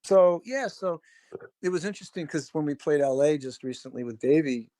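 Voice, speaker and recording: A man's voice: a little high, moderate pace, dark tone, no room sound. A man from Chicago, a musician guest on a podcast, telling stories in a rambling, casual way, swearing freely and acting out what others said. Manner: rambling, swears freely, acts out quoted voices. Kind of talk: casual storytelling interview.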